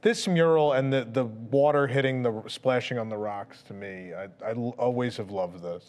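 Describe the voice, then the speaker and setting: A man's voice: mid-range voice, normal speed, darkish tone. A man hosting a casual interview, chiming in with short, enthusiastic fan remarks. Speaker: interview host.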